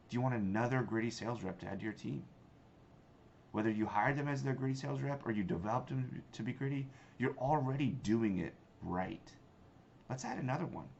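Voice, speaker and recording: A man's voice: medium pitch, vocal fry, darkish tone. A man teaching cold calling in a casual, emphatic, conversational way. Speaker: sales trainer and company founder. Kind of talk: instructional talk with demo lines. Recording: slightly dull lo-fi sound, faint noise.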